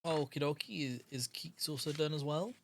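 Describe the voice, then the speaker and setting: A man's voice: a little high, moderate pace, gravelly, a bit bright, a little hiss or hum. A man running a tabletop game as game master, explaining the rules in a hesitant way with lots of ums.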